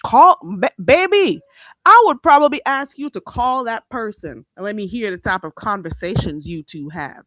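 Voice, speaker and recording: A woman's voice: medium pitch, normal speed, hardly any pauses, no echo. Blunt, sassy woman livestream host. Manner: blunt and sassy, with lots of "baby" and "you hear me"; animated, swinging between loud outbursts and laughter. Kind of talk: casual livestream chat with viewers.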